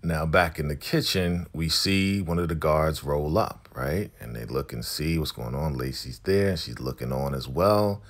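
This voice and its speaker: A man giving a casual, animated recap of a TV episode, laughing often as he tells it. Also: a bass voice, moderate pace, hardly any pauses. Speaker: recap vlogger.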